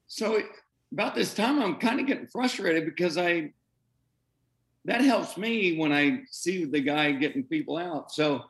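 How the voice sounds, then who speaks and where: A middle-aged man, a former pro pitcher, telling a story in an interview and acting out what others said. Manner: animated, acts out quoted voices, breaks into laughs.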